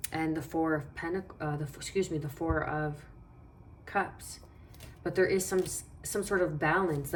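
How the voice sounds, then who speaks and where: A woman's voice: low-pitched, slight background noise. A woman giving a casual tarot reading, talking in a meandering, reassuring way and thinking aloud as she goes. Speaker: tarot reader.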